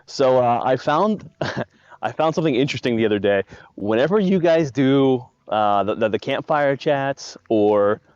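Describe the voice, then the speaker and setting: Man game master, rambling, stumbling over his words, mid-pitched voice, dry and muffled lo-fi stream audio. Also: animated, normal speed, a little mellow, clear, resonant tone, dry recording. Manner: rambling, stammers and repeats words. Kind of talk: casual chat after a tabletop game stream. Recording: dull dry lo-fi stream mic.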